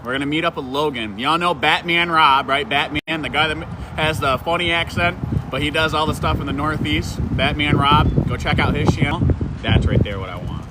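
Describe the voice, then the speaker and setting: A man co-hosting an outdoor live stream who greets viewers by name in an excitable, friendly way. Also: on the high side, normal speed. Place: outdoors in a town square. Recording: noisy outdoor street sound.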